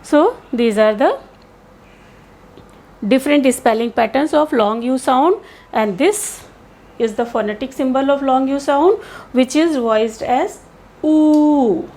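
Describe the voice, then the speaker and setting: A woman giving a careful pronunciation lesson, explaining sounds slowly and modelling each one aloud. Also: high voice, lively intonation, darkish tone. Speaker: English teacher.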